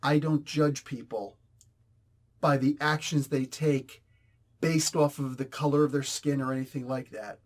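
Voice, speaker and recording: Heated, emphatic male comic reviewer. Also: a little high. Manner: heated, emphatic, repeats himself. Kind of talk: casual opinion commentary.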